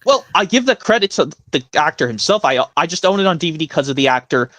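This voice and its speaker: Brief: high, lively male host, dry close mic, casual fan chatter. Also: quick pace, no echo. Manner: rambling, enthusiastic fan talk. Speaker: stream host. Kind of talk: casual chat.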